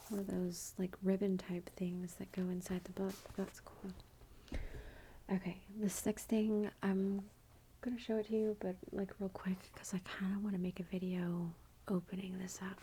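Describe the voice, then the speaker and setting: A woman hosting an ASMR channel, chatting in a soft whisper about her gifts while feeling unwell, with a self-deprecating touch. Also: medium pitch, a little hiss or hum. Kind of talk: whispered ASMR haul commentary.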